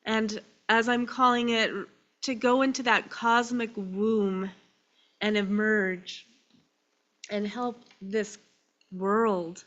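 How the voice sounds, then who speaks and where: A woman minister preaching a sermon. She is crying and speaks in short phrases with pauses. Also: mid-range voice, fairly even intonation, fairly bright tone, highs cut off. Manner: slow, emotional and tearful, with pauses between phrases.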